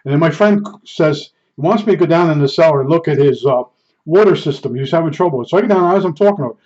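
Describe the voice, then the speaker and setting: A man's voice: on the high side, animated, fast talker, darkish tone. A man telling stories in a casual, rambling, self-deprecating way, chuckling as he goes. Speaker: storyteller. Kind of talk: casual storytelling. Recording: dull lo-fi recording.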